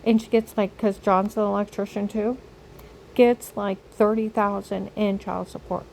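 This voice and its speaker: A woman's voice: medium pitch, little pitch movement, normal speed, creaky, darkish tone, a little hiss or hum, low-quality recording. An older woman telling a rambling personal story straight to camera, circling back and repeating herself. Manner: repetitive storytelling. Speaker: vlogger.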